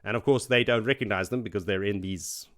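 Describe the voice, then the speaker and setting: A man co-hosting a book podcast, recapping chapters in casual chat and acting out characters' lines in quick voices. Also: lowish voice, a bit bright. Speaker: podcast co-host.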